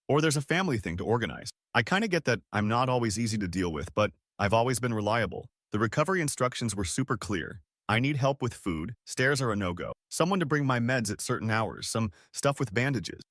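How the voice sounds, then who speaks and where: A man's voice: lowish voice, fairly bright tone, no echo, clean studio sound. A man reading a first-person online story aloud in a casual, conversational way.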